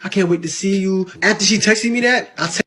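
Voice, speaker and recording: A man's voice: high voice, a little fast, bright, forceful tone. A man telling a personal story to camera, acting out the lines he quotes. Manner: narrates, imitating the quotes he recounts. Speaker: storyteller in a clip.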